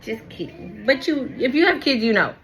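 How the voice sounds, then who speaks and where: Background noise accompanies a young tarot reader whose fairly high voice has lively intonation and a moderate pace. She reads casually and candidly, cursing freely, repeating points for emphasis and often asking "okay?"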